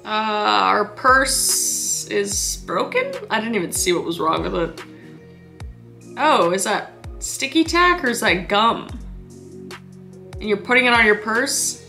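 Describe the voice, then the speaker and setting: Young woman ranting sarcastically at dumb craft hacks, bright voice swinging up and down, faint music behind. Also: mid-range voice, very animated, unhurried, creaky. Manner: exasperated, mocking, swearing. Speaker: comedy video host. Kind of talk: sarcastic reaction commentary.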